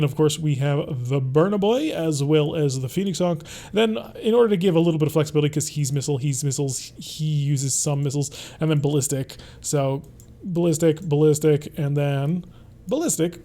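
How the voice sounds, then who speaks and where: Male game-stream host, fairly high, mellow voice, relaxed running commentary. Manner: thinking aloud, relaxed and chatty. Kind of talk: let's play gameplay commentary.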